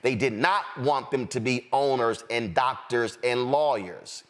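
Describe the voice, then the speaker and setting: A man's voice: mid-range voice, a little slow, a bit bright. A man hosting a panel talk show, speaking with an emphatic, preaching cadence and directing his panelists. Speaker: host.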